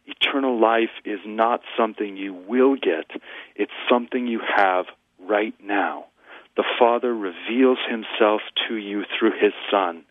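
Man, pastor, earnest radio teaching, deep-ish voice, tinny phone line. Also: no room sound. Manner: earnest, quotes scripture at length. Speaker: pastor, show guest. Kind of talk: teaching a scripture lesson on radio.

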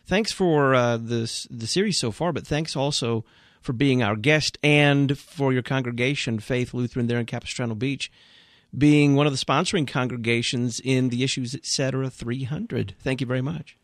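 Man hosting talk radio, mid-pitched, brisk announcer reads, dry close sound. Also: no room sound. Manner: brisk announcer reading promos and thanking guest. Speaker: radio show host.

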